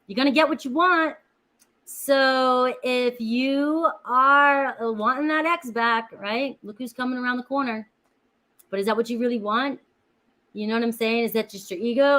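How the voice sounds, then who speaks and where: A woman's voice: a little high, normal speed, fairly bright tone, rough recording. Chatty woman giving a tarot reading. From Florida, USA. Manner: chatty, talks to viewers by name. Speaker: tarot reader. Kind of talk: casual live tarot reading.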